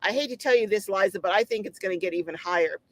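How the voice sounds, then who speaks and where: A woman's voice: medium pitch, fast, no echo, rough recording. A middle-aged woman hosting a casual live stream, reading viewer comments aloud and answering them with chatty exclamations and frequent ums.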